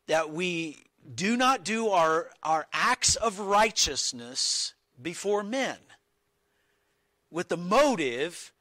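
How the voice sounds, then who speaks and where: A man's voice: high voice, pushed and bright, dry recording. Male preacher, expository sermon, earnest and emphatic, dry close sound. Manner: earnest, emphatic teaching with verse reading; slow, deliberate with small restarts.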